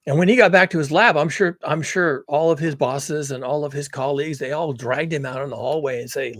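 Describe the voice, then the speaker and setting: A man's voice: a little high, quick pace, few pauses, a bit bright, no room sound. A man talking to camera in a casual monologue, sardonic, blunt and profane, often laughing. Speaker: climate commentary vlogger.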